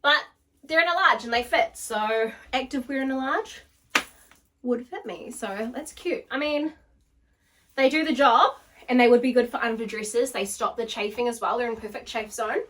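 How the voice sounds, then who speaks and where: A woman's voice: on the high side, moderate pace, fairly bright tone, slight background noise. Bubbly young woman, gushing, distant mic. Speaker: vlogger. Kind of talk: casual try-on haul chat. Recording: voice picked up from across the room.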